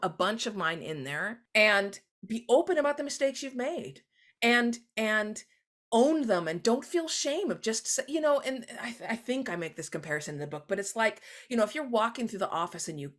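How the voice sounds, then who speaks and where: Animated woman, lively pitch. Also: a little fast. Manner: animated, acts out quoted voices with big pitch jumps. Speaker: guest author. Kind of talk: conversational interview.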